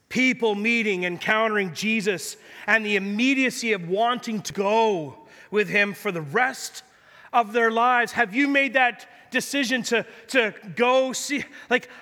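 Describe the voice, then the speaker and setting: A male pastor preaching a sermon in a lively, joking storytelling way, in a large church hall. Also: sits high. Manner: energetic, jokey storytelling preacher. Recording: long church hall reverb.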